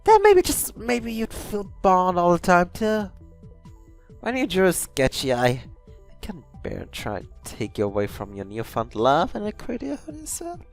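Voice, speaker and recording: A man voicing a shy, lovelorn drawn young woman in a fan story reading, pitched high and earnest. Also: wildly swooping pitch, unhurried, faint music behind, exaggerated voice.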